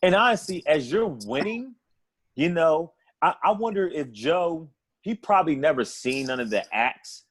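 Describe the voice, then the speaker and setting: A man's voice: on the high side, lively intonation, normal speed, slightly rough. A man co-hosting a sports podcast in casual chat, rambling and profane, often laughing between his points. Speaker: podcast co-host.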